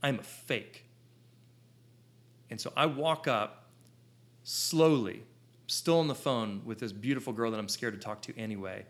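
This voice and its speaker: A man in his thirties, a photographer, telling a personal story to an audience in an excitable, rambling way, full of restarts and "like". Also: medium pitch, normal speed. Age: 30s.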